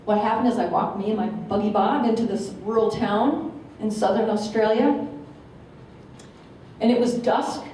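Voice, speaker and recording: A woman in her forties from Minnesota with an American accent. She gives a lively, humorous storytelling speech as a guest speaker and acts out the quotes. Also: mid-range voice, normal speed, pauses often, slight background noise. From Minnesota, USA. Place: meeting hall. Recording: echoey hall, distant mic.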